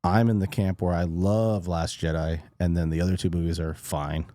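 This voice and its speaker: A man's voice: deep voice, flat delivery, dark tone, no room sound. A man hosting a casual podcast, rambling and restarting his sentences. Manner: rambling, halting, many restarts. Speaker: podcast host. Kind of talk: casual chat.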